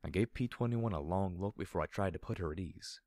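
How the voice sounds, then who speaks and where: A man reading a first-person story aloud in a steady, low-key narration. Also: fairly quick, no echo, clean studio sound. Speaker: audiobook narrator.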